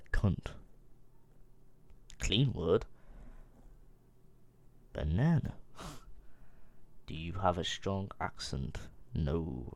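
A man's voice: fairly low pitch, darkish tone, no echo. A young man casually reading questions aloud and answering them himself in an offhand, mumbling way. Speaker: vlogger. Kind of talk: casual Q&A vlog.

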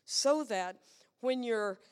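Slow, playful woman preaching. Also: fairly high pitch, a little mellow, clear, resonant tone, big-room sound. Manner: playful, asks the congregation questions. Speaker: guest preacher. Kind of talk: lively sermon. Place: church sanctuary.

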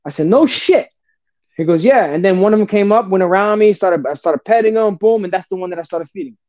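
A high-voiced man rattles through his stories at a fast clip, loose and animated, packing every sentence with slang and curses. The recording is dull and lo-fi, with a dry, close sound and no room around it. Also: no room sound. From New Jersey. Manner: animated, swearing, street slang, says bro a lot. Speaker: podcast guest. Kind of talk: casual storytelling.

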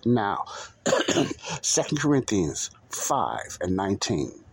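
A man's voice: on the low side, sing-song, slow pace, husky, no room sound. A man hosting a bible teaching podcast, talking emphatically, repeating points and asking the listener rhetorical questions. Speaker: podcast preacher.

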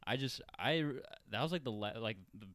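A man's voice: medium pitch, a little fast, a bit bright, no echo. A man co-hosting a casual podcast from a bedroom, telling a rambling story with laughs and filler words. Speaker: podcast co-host. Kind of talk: casual chat.

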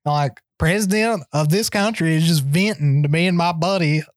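A man co-hosting a podcast, telling a wild story in a casual, profane, animated way with big swings in his voice. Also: a little high, normal speed, no echo, studio quality. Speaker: podcast co-host.

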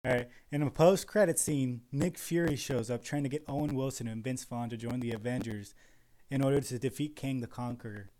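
A young man co-hosting a comedy podcast, rambling through a film pitch with many fillers and laughs. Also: a little fast, mellow. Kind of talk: casual improvised comedy chat.

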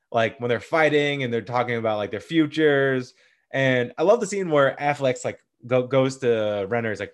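Young male podcaster, casual and excitable, swears a lot. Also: mid-range voice. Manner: enthusiastic, profane, rambling. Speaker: podcaster ranking movies. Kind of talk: casual movie talk.

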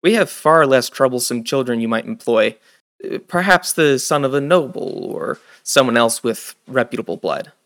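A man's voice: mid-range voice, animated, normal speed, a bit bright. A man plays an impatient, snobbish male temple official. He sounds haughty and short-tempered in this storybook. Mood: irritated.

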